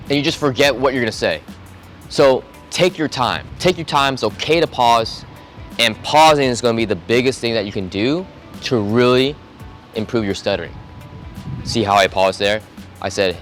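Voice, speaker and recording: A young man talking straight to camera in a casual advice vlog, relaxed and conversational, acting out short example dialogues. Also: mid-range voice, normal speed, soft background music. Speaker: vlogger giving self-improvement tips.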